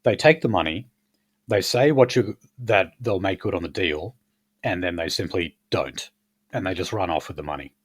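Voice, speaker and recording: A man's voice: low-pitched, lively intonation, normal speed, husky. A man hosting a casual political chat, blunt and crude, rambling with many fillers. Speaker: podcast host.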